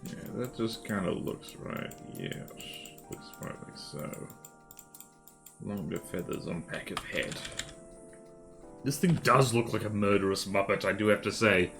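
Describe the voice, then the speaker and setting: A man's voice: fairly low pitch, unhurried, vocal fry, long pauses, over music. A man streaming while drawing, chatting casually, muttering to himself and joking with viewers. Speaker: art streamer.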